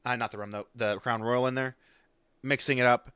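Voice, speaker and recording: Bright, crisp man with a Southern twang. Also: mid-range voice, steady tone, brisk, no echo. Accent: Oklahoma Southern twang. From Oklahoma. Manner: laid-back, joking, says "brother". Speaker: podcast co-host. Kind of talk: casual podcast chat.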